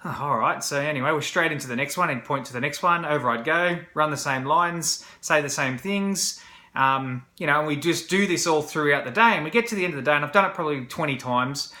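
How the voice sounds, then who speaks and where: A man shares his story in a casual, rambling vlog, full of fillers and restarts. His voice is bright and forward. The room around him rings with a noticeable echo. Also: on the high side, fairly quick. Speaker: vlogger. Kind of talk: candid personal storytelling to camera. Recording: roomy echo.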